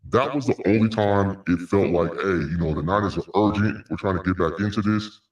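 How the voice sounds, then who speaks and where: A man's voice: low-pitched, fairly quick, echoey room, distant mic. A man hosting a casual solo sports recap, rambling, repeating words, with frequent sighs and laughs. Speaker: sports podcast host.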